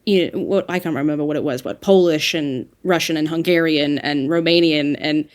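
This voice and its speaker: A woman who works as a dialect coach, talking through ideas aloud in a casual podcast discussion, emphatic and lively. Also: low voice, fairly quick.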